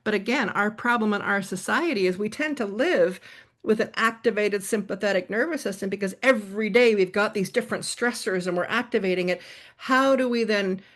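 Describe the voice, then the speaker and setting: A woman's voice: mid-range voice, brisk. Explaining woman psychotherapist. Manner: explanatory, animated with acted examples. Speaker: psychotherapist guest. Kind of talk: podcast interview.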